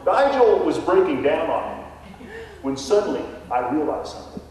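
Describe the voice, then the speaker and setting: Man, comic tall-tale speech, deadpan, high voice, long hall reverb. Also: moderate pace. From Texas. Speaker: contest speaker. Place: contest stage in a hall. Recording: echoey hall from far off.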